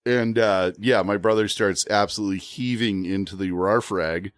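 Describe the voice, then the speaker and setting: A man telling a funny story as a podcast guest, animated and often laughing. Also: lowish voice, moderate pace, no echo, studio quality. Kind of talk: casual storytelling.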